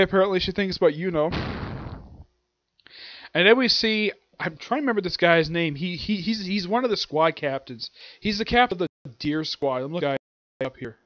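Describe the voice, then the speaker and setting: A man's voice: high voice, no room sound, highs cut off. A man reviewing an anime and manga chapter in a casual, rambling way, stopping to hunt for names and acting out the characters' lines.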